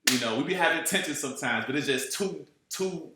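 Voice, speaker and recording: A man from Chicago tells a rambling road-trip story in a relaxed, animated street style, dropping curses and slang and checking in with his listener again and again. His voice sits a touch above the usual for a man. The recording is drenched in the echo of a bare, reflective room. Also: fairly high pitch, fairly quick, noisy background. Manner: animated, profane, streetwise slang, keeps asking "you know what I'm saying". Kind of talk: casual storytelling. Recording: very echoey room.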